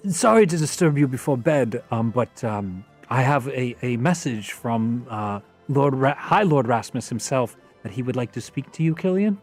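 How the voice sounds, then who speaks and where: A man's voice: medium pitch, expressive, normal speed, few pauses, soft background music, close to an everyday voice. A man voicing a polite male servant who stammers and apologizes. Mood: apologetic.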